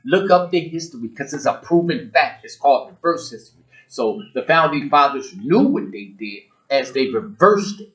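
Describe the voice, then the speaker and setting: A man's voice: medium pitch, animated, normal speed, a bit bright, low-quality recording. A man hosting his own show, delivering a blunt, emphatic rant straight at his listeners and hammering his points with repetition. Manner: preachy, addresses listeners directly. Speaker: show host. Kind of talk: ranting monologue to the audience.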